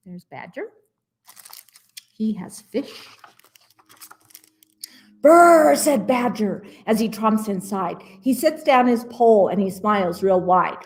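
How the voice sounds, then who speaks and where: A woman reading a rhyming picture book aloud for a library storytime, playful and expressive, with asides about the pages. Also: medium pitch, takes it slowly, long pauses.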